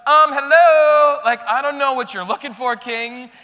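A man voicing an awkward, offhand palace servant in a slow, drawn-out way, with a long hall reverb. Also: very high-pitched, bright, forceful tone, pitched above the performer's own voice, exaggerated voice.

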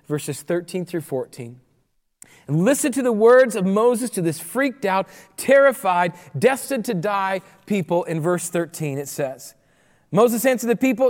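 A pastor in his forties preaches with a bright, high-pitched voice. He tells the story with lively energy and slips into the voices of the people. The sound rings with the long reverb of a big sanctuary. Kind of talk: sermon. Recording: long reverb of a large hall.

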